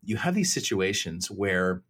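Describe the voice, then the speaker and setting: A man, guest on a Christian talk show, telling stories and personal testimony in an animated way, with many restarts. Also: sits low, a little slow, slightly rough. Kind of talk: faith talk show storytelling.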